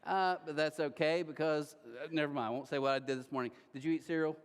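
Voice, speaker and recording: A male pastor preaching a sermon in an animated, joking way, acting scenes out with a volunteer in a church auditorium. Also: fairly high pitch, fast talker, clean tone. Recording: long reverb of a large church hall.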